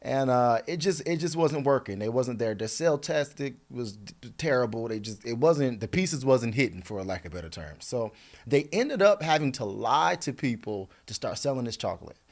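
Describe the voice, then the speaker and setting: A man's voice: medium pitch, lively intonation. Chatty man retelling a cartoon. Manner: chatty, playful retelling with quick asides to the viewer. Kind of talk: casual storytelling to camera. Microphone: camera mic.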